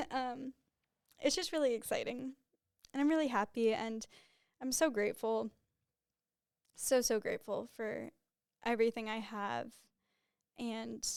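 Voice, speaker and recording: A woman's voice: on the high side, darkish tone, no echo, clean studio sound. A young woman hosting her own podcast, talking candidly and casually, full of "like" fillers. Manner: chatty and candid, with frequent "like" fillers and laughs. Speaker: podcast host. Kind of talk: casual solo podcast monologue.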